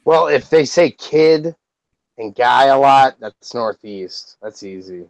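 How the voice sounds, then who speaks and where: A man chatting casually on a group call, tossing in quick offhand quips. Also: mid-range voice, expressive, lo-fi sound, crowd noise.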